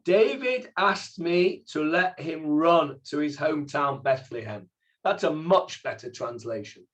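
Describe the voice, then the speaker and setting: A man's voice: a little high, expressive, measured pace, fairly bright tone. A middle-aged man, a rabbi teaching an informal Bible class, who explains Hebrew words step by step and asks the class questions. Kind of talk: informal text study class.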